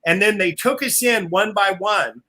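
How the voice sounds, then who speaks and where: A man's voice: sits high, moderate pace, bright, forceful tone. A man telling wild road stories on a casual live video call, laughing often, swearing freely and acting out other people's voices. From family from Oklahoma.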